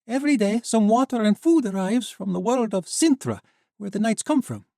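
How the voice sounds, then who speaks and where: A man's voice: sits high, big pitch swings, moderate pace, vocal fry, warm tone, no echo, clean studio sound, voice pushed up, full character voice. A man doing a weary woman refugee.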